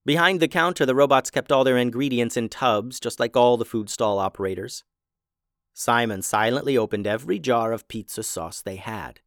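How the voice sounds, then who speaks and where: A man narrating a children's story in an expressive, playful way. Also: mid-range voice, moderate pace, dry recording, studio quality.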